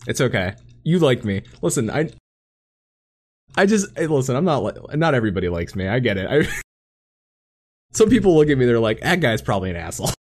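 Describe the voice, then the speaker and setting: A man from Florida co-hosting a podcast, telling stories in an animated way, laughing often and acting out what people said. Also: medium pitch, normal speed, pauses often. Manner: animated storyteller, laughs often, acts out quotes. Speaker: podcast co-host. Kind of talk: casual chat.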